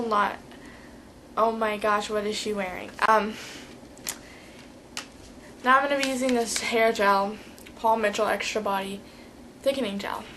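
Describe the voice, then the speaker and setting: A woman's voice: medium pitch, fairly bright tone, a little hiss or hum, poor audio. A teenage girl giving a rambling, chatty vlog tutorial, full of fillers. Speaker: vlogger.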